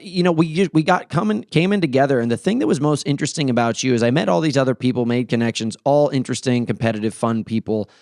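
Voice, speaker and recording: A man's voice: mid-range voice, darkish tone, smooth, no echo, clean studio sound. A male podcast host talking casually and earnestly, blunt and swearing now and then.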